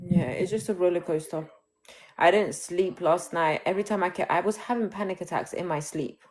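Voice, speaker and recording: A grieving woman speaks low on her phone at home. She talks candidly and emotionally, stopping and restarting her sentences. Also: a crowd in the background. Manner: open and emotional, halting restarts. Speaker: livestream host. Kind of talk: candid live chat.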